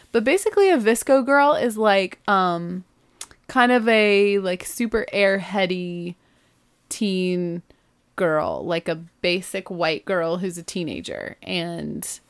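A woman's voice: fairly low pitch, fairly bright tone. A woman, hosting a podcast in a rambling, chatty way with lots of "like" and self-corrections. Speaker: podcast host. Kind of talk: casual solo chat.

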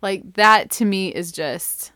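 A woman's voice: mid-range voice, slow pace, no echo, clean studio sound. A woman telling a personal story in a casual, chatty monologue, full of "like" and "you know" and laughing at herself. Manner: chatty and animated, heavy on fillers like "like" and "you know"; self-deprecating, laughs at her own story.

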